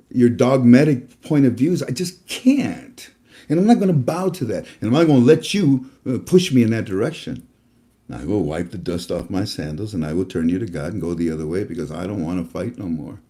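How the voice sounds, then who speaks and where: A man talks to his viewers about faith in a loose, preachy way, stumbling through uhs and restarts. His voice is mellow and relaxed, in a middle pitch. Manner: rambling, preachy, with many fillers and restarts. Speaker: host. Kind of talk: casual religious talk to viewers.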